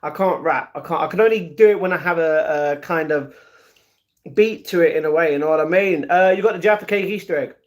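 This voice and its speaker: A young man with a British accent and a notably high speaking voice for a man, hosting a casual live stream. He chats loosely with his viewers, greets them one by one, and slips into playful improvised rhymes. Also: fairly quick. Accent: British English. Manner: chatty, greets chat viewers by name; playful, breaks into improvised rap.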